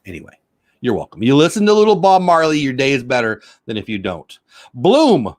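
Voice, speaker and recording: A man's voice: medium pitch, huge pitch swings, brisk, darkish tone, no echo, studio quality. A middle-aged man hosts a chatty livestream from his home, wandering from one joke to the next. His voice swings widely up and down as he reads viewers' comments aloud. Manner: rambling, jokey, reads chat comments aloud. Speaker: livestream host. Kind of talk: casual livestream chat.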